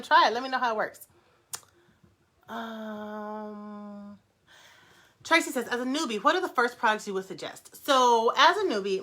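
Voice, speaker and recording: A young woman hosting a casual livestream, reading viewer comments aloud and answering them in a fast, animated way with frequent laughter. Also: a little high. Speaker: brand founder hosting a live Q&A.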